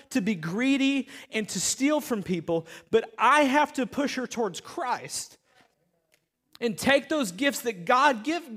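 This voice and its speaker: Male pastor, high voice, lively sermon storyteller who addresses the audience. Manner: animated storytelling, talks straight to the audience.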